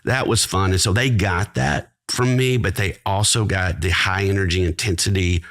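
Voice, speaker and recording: A middle-aged man hosting a podcast in casual chat, telling stories with lots of energy and acting out quoted voices. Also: moderate pace. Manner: high-energy, animated storyteller. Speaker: podcast host.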